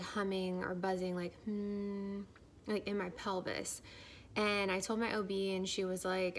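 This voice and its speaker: A woman's voice: mid-range voice, gravelly, a little hiss or hum. A young woman chatting casually in a vlog, filler-heavy and saying "like" a lot, a little out of breath as she talks. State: slightly out of breath. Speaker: vlogger. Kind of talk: casual pregnancy update vlog.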